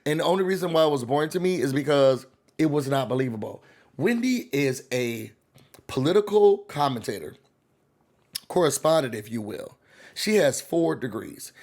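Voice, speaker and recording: A man hosting a reality TV recap, talking in a sassy, animated way as he riffs on the cast. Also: medium pitch, normal speed, vocal fry. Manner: sassy, animated, quotes cast members in voices. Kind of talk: casual commentary.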